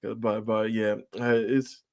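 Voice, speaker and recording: A man's voice: fairly low pitch, no room sound, studio quality. A man co-hosting a casual podcast, laughing easily and talking in a laid-back way. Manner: laughs easily, slow relaxed talk. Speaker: podcast co-host. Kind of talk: casual chat.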